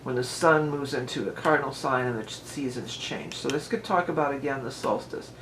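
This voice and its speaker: A woman's voice: very deep voice, brisk, a little hiss or hum. A woman giving a casual tarot reading at home. She talks in a chatty, rambling way and often wanders into asides. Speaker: tarot reader. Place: at home with a dog nearby.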